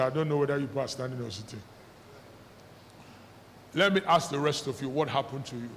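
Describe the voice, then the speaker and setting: A man preaching a sermon to his congregation as pastor, pressing them with repeated questions and firm commands. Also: fairly high pitch. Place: church hall. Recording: reverberant church hall with faint noise.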